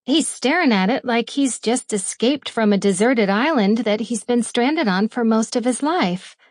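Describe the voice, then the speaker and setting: A woman reading a first-person romance audiobook in a playful manner, lingering over the words with breathy asides. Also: fairly high pitch, expressive, measured pace, dry recording, studio quality. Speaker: audiobook narrator.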